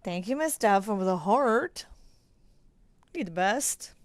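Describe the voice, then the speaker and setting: A middle-aged woman hosting a casual quilting livestream, chatting excitedly with viewers as she sews. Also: mid-range voice, takes it slowly, dry recording. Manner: bubbly, chatty, talks to viewers by name. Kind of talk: casual livestream chat while sewing.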